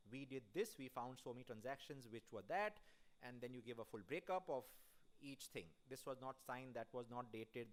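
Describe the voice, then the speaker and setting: A man giving a conference keynote in a conversational way, putting questions straight to the audience in the hall. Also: medium pitch. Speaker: keynote speaker at an audit conference.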